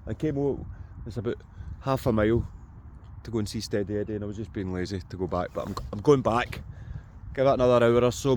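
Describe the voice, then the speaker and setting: A man's voice: medium pitch, a little mellow, slight background noise. A man with a Scottish accent, chatting and joking to viewers while metal detecting in farm fields. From Scotland. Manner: jokey, chatty, talks to viewers. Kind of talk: casual vlog narration outdoors. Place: open farm fields outdoors.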